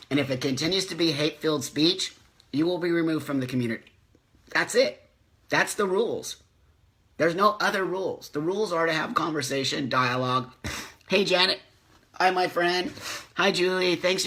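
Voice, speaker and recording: A man's voice: on the high side, pushed and bright. Passionate man ranting on a live stream. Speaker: host of a live community video chat. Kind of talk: casual live-stream talk, reading viewer comments.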